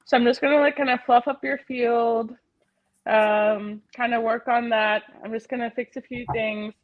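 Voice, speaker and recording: Giggly chatty woman with a higher voice. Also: fairly even intonation, moderate pace, phone-quality sound. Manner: laughs often, chatty and playful; gently guiding, soothing instructions. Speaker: healing facilitator and host. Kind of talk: casual livestream healing session.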